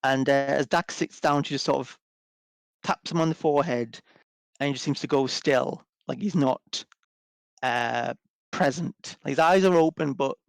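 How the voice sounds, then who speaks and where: A man's voice: medium pitch, moderate pace, gravelly, no room sound. A man running a tabletop game as game master, narrating with many fillers and restarts.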